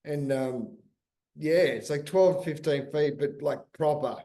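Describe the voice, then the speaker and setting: A man's voice: on the high side, slow, mellow. Rambling middle-aged Australian man. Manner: loose, rambling, swears and laughs freely. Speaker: guest, big wave surfer. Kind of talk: casual chat.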